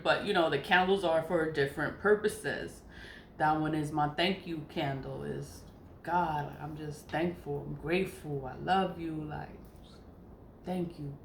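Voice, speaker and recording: A woman's voice: low-pitched, slight background noise. A woman vlogging in a casual, chatty way, swearing freely and laughing often. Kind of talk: casual spiritual vlog chat. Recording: echoey room with faint ambience.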